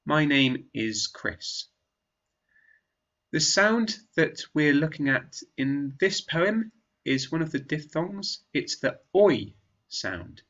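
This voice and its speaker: A man with a British accent teaching pronunciation, saying each sound slowly and with exaggerated care. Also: on the high side, expressive, a bit bright, dull audio. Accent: British English. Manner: slow, careful, exaggerated articulation. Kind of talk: pronunciation lesson with poem reading.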